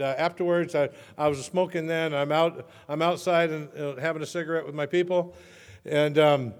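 A man's voice: on the high side, clear, resonant tone. Man telling his story in a reverberant hall. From Southern California. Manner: conversational storytelling with self-mocking humor. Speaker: speaker sharing recovery story. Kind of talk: personal testimony talk.

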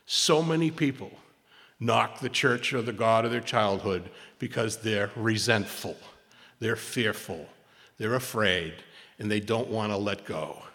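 A man's voice: fairly low pitch, measured pace. Man telling a recovery story in a hall. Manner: animated storyteller, dropping to a hushed voice for quotes; frequent restarts and repeated words. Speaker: recovery meeting speaker. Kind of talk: personal recovery story told to a meeting. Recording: long hall reverb.

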